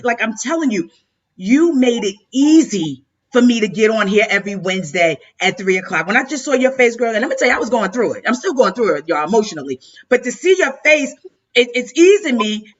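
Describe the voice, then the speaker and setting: A woman host delivers an emotional tribute over a lo-fi, muffled video call. Her tone is bright and pushing forward. She keeps circling back and repeating words in a heartfelt, effusive flow. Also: on the high side. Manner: heartfelt, effusive, stumbling repetitions. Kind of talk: emotional live-stream tribute speech. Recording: dull lo-fi video call audio.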